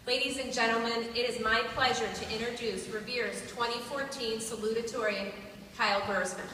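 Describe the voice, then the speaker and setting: Bright-voiced woman introducing a graduate. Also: on the high side, slight background noise. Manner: reads a prepared introduction. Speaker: school staff presenter. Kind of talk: formal introduction. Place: large hall. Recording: echoey hall from far off.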